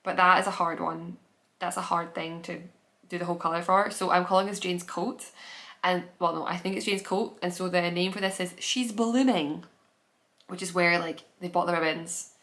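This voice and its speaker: A woman's voice: fairly low pitch, fairly even intonation, normal speed, a bit bright. A woman hosting her own podcast, chatting casually on camera at home with gushing enthusiasm and lots of trailing restarts. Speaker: podcast host. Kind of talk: casual chat.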